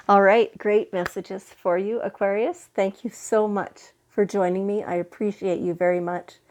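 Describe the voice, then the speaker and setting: Woman, spiritual card reader, unhurried and reassuring, slightly under the weather from a cold. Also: medium pitch, steady tone. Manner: slow, gentle, reassuring with fillers and restarts. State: recovering from a head cold. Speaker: tarot and oracle card reader. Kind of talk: spiritual weekly reading.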